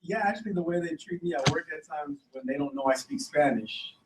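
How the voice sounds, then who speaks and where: Relaxed guy chatting about his work, slightly high voice, far from the mic with people around. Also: fairly quick, background noise. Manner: relaxed, loose, says "bro" and "like". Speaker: group member giving a testimony. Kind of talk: casual testimony.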